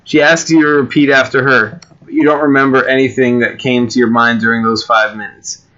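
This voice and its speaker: A man reads his generated stories briskly in a mid-range voice with fairly even intonation, his tone bright and forceful. He is the creator of homemade games and keeps things loose, breaking off for fillers and side remarks, on a somewhat dull, lo-fi recording.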